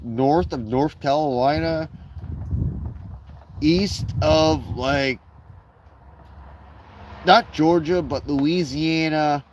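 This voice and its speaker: A man's voice: on the high side, a little hiss or hum, poor audio. Rambling, profane man streaming outdoors. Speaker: livestreamer. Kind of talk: casual live-stream chat. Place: outdoors in his backyard.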